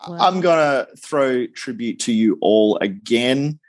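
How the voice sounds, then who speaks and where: A man's voice: medium pitch, expressive, takes it slowly. An Australian man chats as a podcast guest, piling on praise and gratitude at length. His voice sits in an ordinary middle register. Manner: effusive, grateful, talks at length. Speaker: guest commentator. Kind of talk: casual podcast chat.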